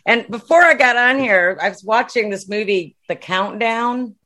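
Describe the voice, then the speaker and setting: A woman's voice: on the high side, normal speed, bright, forceful tone. A woman co-hosting a podcast, telling what she has been up to in an easygoing, chatty way. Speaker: podcast co-host. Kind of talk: casual chat.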